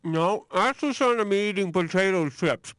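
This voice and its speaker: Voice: mid-range voice, normal speed, noisy background. A voice in a quiz game sound bit, talking in a jokey, chatty way. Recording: music behind the voice.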